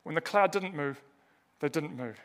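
A man's voice: a little high, moderate pace. A man preaching a sermon, earnest and emphatic, asking rhetorical questions and repeating key words.

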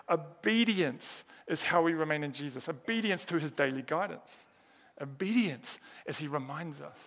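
Gravelly, bright-voiced male preacher. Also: a little high. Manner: earnest, rhetorical questions, emphatic repetition. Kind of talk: sermon.

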